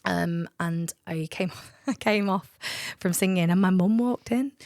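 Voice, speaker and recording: Lively woman telling stories. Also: fairly low pitch, a little slow, no echo, studio quality. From England. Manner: animated storyteller, acts out quoted voices and laughs often. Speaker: guest. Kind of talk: casual podcast chat.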